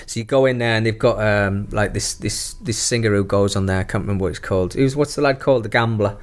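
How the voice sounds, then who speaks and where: A middle-aged former footballer tells profane anecdotes in casual chat, laughing his way through them. He talks fast in a lowish voice.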